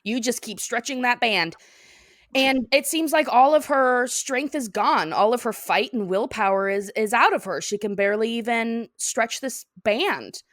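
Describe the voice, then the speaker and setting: A woman's voice: fairly high pitch, animated, unhurried, fairly bright tone, no room sound, clean studio sound. A woman co-hosting a podcast, recapping an episode in casual chat and acting out the characters' lines with lots of laughing. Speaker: podcast co-host.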